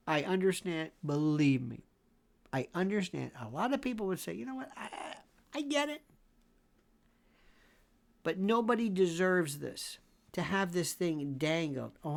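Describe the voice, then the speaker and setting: A man in his sixties delivers opinionated legal commentary with a gravelly, fry-laced voice. His pitch swoops widely from near-shouted exclamations down to low mutters. He hammers his points home by repeating phrases. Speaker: legal commentator and show host.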